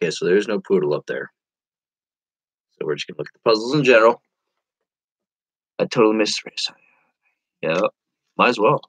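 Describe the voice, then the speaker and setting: A man's voice: fairly low pitch, animated, fairly quick, long pauses, a bit bright, slightly rough, no echo, rough recording. A man chatting casually on a live stream as an online reseller, rambling to viewers and reading their comments aloud.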